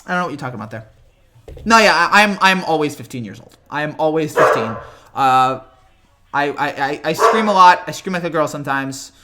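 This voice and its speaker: A young man hosting a casual live reaction stream, rambling and excitable, whose voice cracks often. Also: fairly high pitch, fairly quick, very noisy. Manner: rambling, excitable, repeats himself.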